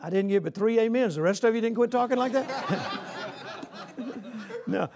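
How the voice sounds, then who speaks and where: A man's voice: extremely high pitch, moderate pace, crowd noise. A man preaching a sermon in a folksy, conversational way, often saying "you know" and calling out "Amen?" to the congregation.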